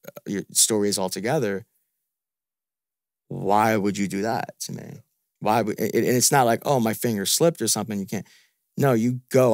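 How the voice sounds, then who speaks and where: A man's voice: lowish voice, no room sound, studio quality. Frustrated man venting on a podcast. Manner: frustrated, repetitive, profane venting. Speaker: podcast guest. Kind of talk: casual podcast rant.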